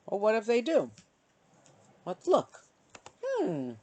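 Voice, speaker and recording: A woman vlogging casually to camera, reflecting out loud in a halting, searching way with many pauses and fillers. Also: a little high, huge pitch swings, dry recording. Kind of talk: casual self-reflective vlog. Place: bright outdoor spot.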